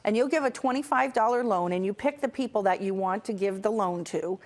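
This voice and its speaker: A woman's voice: mid-range voice, fairly quick. A middle-aged woman hosting a casual motivational talk, telling stories earnestly with fillers and restarts. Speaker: host.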